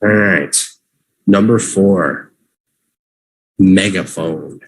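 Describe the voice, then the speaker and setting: A man teaching English vocabulary on a livestream, repeating each word slowly for learners to say with him. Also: on the low side, lively intonation, slightly rough. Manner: slow, drawn-out repetition for learners.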